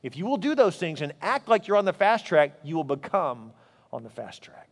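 A man preaching a sermon as pastor, telling stories in an animated way. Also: normal speed, long reverb tail. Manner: animated storytelling, voice rising high in anecdotes.

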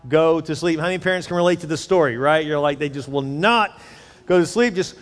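A middle-aged pastor gives his sermon in a candid, joking way, his voice sitting a little high for a man. It rings out in a church hall with a long reverb tail. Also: brisk. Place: church auditorium. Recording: echoey hall.

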